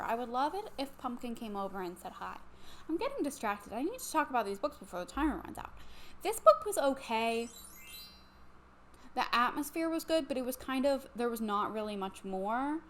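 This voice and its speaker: A woman's voice: fairly high pitch, a little hiss or hum. A young woman in her twenties, a little tipsy on wine, chatting casually about books at home and rambling with lots of fillers and restarts. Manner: rambling, self-interrupting, lots of likes and ums. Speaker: book vlogger. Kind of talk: casual chatty book review.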